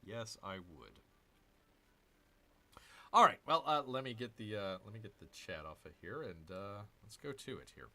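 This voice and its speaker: Gaming host, man: lively, jokey grumbler, tense bright voice, faint game music behind. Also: fairly low pitch, moderate pace, long pauses. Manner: jokey, grumbling, mock growls. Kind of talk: casual strategy game commentary.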